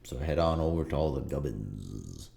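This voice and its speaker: A man narrating as game master in a tabletop game, relaxed and rambling with plenty of fillers. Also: a bass voice, normal speed, vocal fry, slight background noise.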